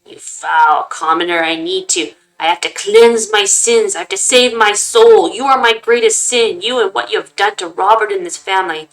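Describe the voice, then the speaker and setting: A woman voicing a guilt-maddened old grandfather who rants and shouts at his family. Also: fairly high pitch, normal speed, pitched above the performer's own voice, close to an everyday voice, low-quality recording. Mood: raving. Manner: shouting, ranting. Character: raving old male grandfather, guilt-mad, zealous.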